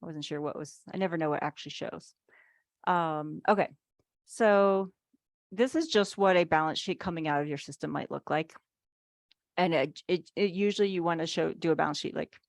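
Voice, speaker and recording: Running a casual online workshop for business owners, this financial speaker talks in a low, gravelly voice, relaxed and chatty, dropping plenty of "like"s and little acted-out asides. The video call audio is close and dry, with no echo.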